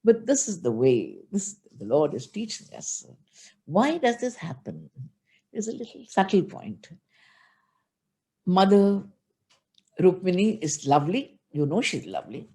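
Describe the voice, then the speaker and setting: A woman with an Indian accent, a spiritual teacher giving a devotional discourse, telling stories expressively and speaking straight to her listeners. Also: sits low. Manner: expressive storytelling, addresses listeners directly.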